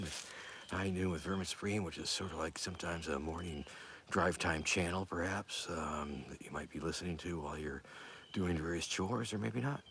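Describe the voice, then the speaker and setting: Rambling in an offhand way, a male host keeps a casual live-stream show going with lots of fillers, frequently dropping into a mutter or whisper. He has a low, fairly bright voice, and there's a little hiss or hum.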